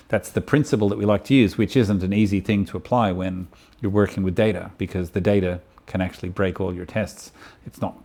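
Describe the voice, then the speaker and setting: A man giving a university lecture, halting often with ums and restarting his phrases. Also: low voice, darkish tone.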